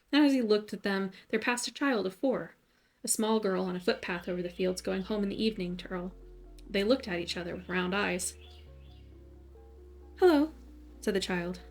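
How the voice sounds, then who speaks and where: A woman narrating a bedtime story in a soft, soothing way. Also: medium pitch.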